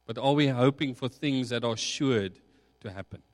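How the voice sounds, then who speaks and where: A man preaching a sermon, slow and reflective, building emphasis on key points. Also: mid-range voice. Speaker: pastor. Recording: long hall reverb.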